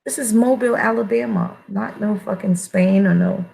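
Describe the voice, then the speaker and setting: A woman's voice: mid-range voice, normal speed, gravelly, a little mellow, poor audio. A woman giving a blunt, profane casual monologue as an online commentator, emphatic and full of restarts.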